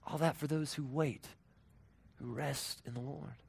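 A man in his thirties preaching a sermon as pastor, earnest, moving between raised emphasis and hushed, tender tones. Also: mid-range voice, steady tone, a little slow, creaky, breathy edge.

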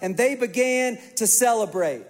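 High-voiced pastor preaching in a big hall. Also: male voice, normal speed. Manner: animated storytelling, swings from hushed to emphatic. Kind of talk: sermon. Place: large church auditorium. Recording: long reverb of a large hall.

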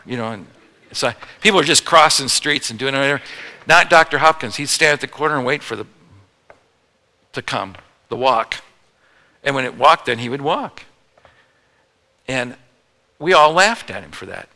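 Pastor, male, bright tone, long hall reverb; joking storyteller sermon. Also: medium pitch, animated, moderate pace, long pauses. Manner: humorous storytelling preacher, acts out quotes.

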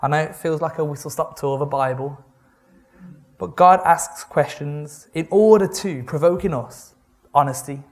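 A man giving a conversational sermon, reading scripture and retelling it with wry, animated asides. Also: a little high, moderate pace. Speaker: preacher.

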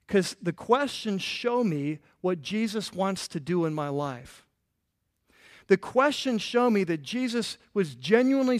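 A man preaching a sermon as a pastor, animated and playful, acting out the voices in the stories he tells. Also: sits high. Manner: animated, playful, acts out quotes.

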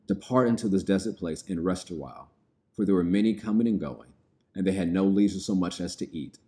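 A man's voice: sits low, brisk, mellow. A man preaching a sermon, reading scripture aloud and then explaining it in plain, everyday words.

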